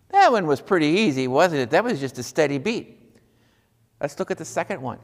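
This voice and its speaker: A man's voice: a little high, very animated, a little fast, long reverb tail. A man teaching a music lesson to young children, patient and encouraging, guiding them through listening and clapping rhythms.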